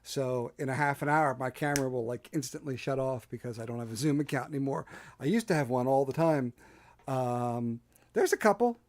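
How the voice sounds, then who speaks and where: A man's voice: mid-range voice, fairly quick. A man with a Delaware County Philadelphia accent, hosting a casual solo livestream from his home porch setup, rambling and self-deprecating with many fillers. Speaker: host. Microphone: desk microphone.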